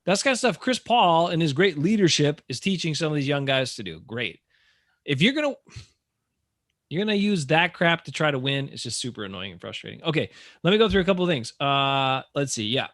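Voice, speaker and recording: A man co-hosting a casual sports podcast, ranting in an animated, exasperated way. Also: on the high side, a little fast, no room sound, clean studio sound. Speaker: podcast co-host.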